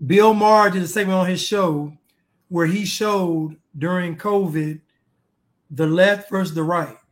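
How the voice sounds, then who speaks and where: A man in casual political chat, an animated storyteller who acts out dialogue and talks casually with many restarts. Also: high voice, unhurried.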